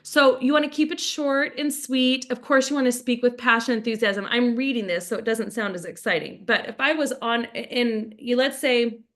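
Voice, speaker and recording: Bright, lively woman trainer. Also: a little high, normal speed, few pauses. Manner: lively, acts out both sides of sample conversations. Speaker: sales trainer. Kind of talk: online training session.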